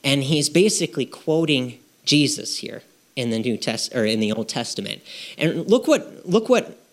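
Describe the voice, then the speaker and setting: A man's voice: medium pitch, lively intonation, normal speed. A man preaching a sermon to his congregation in a conversational way, asking rhetorical questions and checking in with "okay?". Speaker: pastor. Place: church.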